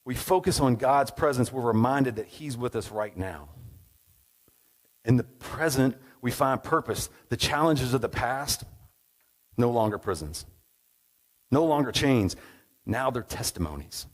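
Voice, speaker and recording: A man's voice: mid-range voice, expressive, a little slow, pauses often, low-quality recording. A man preaching a sermon in a conversational, storytelling way, often checking in with "right?". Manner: conversational, tag questions, storytelling.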